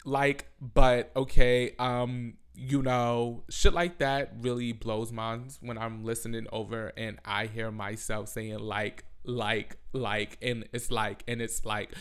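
A man's voice: medium pitch, a bit bright, clear, resonant tone. A young man hosting a casual solo podcast from home, rambling and self-mocking, swearing freely, with "like" in every other sentence. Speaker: podcast host. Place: home with family over. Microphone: close podcast mic.

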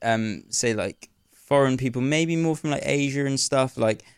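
A man from northern England chatting on a podcast, reflective and prone to halting restarts. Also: mid-range voice, clear, resonant tone. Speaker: podcast co-host. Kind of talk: casual chat.

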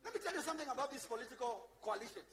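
High-voiced Kenyan bishop preaching passionately. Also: male voice, expressive, racing, slight background noise. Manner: passionate, shifts from loud shouting to low asides, mixes in Swahili. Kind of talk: sermon. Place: church before a congregation.

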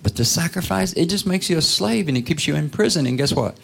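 Male preacher, husky gravelly voice, conversational sermon with rhetorical questions, now and then a whisper. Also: a little high, lively intonation, fast talker, a bit bright. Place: church.

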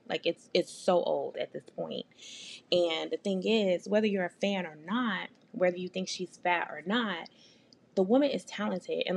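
A woman's voice: fairly low pitch, creaky, darkish tone, slightly rough. A woman hosting her own podcast, ranting in a blunt, sarcastic and profane casual commentary. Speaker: podcast host.

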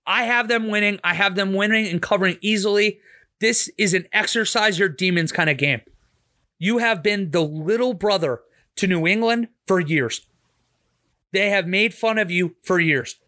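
This podcast host, a man from Pittsburgh, USA with a Pittsburgh accent, talks casual sports betting, delivering blunt, opinionated football picks and swearing freely. He has a high voice, a moderate pace, and a sharp tone.

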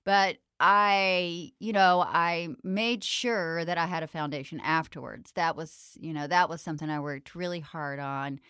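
A woman's voice: lowish voice, unhurried, few pauses, a bit bright, clear, resonant tone, no echo, clean studio sound. A woman guest chatting about her acting career, laughing and restarting her sentences as she tells stories. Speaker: interview guest, actress. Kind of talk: casual storytelling chat.

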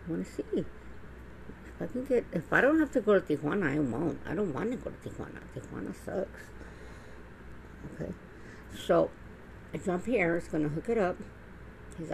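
A woman's voice: on the low side, animated, normal speed, vocal fry, pauses often, darkish tone, slight background noise, low-quality recording. A middle-aged woman talking straight to camera in a blunt, profane, rambling monologue full of restarts. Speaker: vlogger. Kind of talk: casual monologue.

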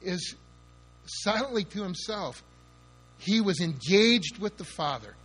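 A man preaching with a fairly high voice and an emphatic, dramatic style. He leans hard into key words, spells them out, and acts out the scenes he describes for his listeners. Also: sing-song, slow, a bit bright, breathy edge, faint music behind. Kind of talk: sermon.

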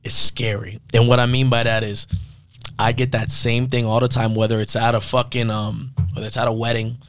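A young man, an entrepreneur guest in a casual chat, telling animated and profane stories. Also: mid-range voice, brisk, no echo. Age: young adult. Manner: animated, profane, anecdotal storytelling.

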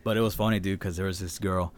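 A man's voice: deep voice, fairly even intonation, fast, slight background noise. A young man in casual chat, laid-back and swearing a lot, saying dude and bro.

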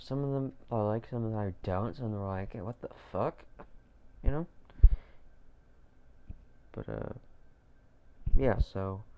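A man's voice: on the low side, dark tone, a little hiss or hum. Rambling young man, lo-fi podcast. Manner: loose, repetitive, heavy swearing and fillers. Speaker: podcast host. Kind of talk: rambling solo podcast monologue. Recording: dull lo-fi home recording.

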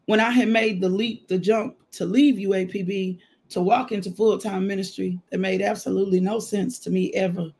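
A man's voice: high voice, normal speed, gravelly, breathy edge. A man, preaching a casual devotional and telling his own testimony with laughter. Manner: animated storytelling testimony, frequent laughter. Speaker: minister.

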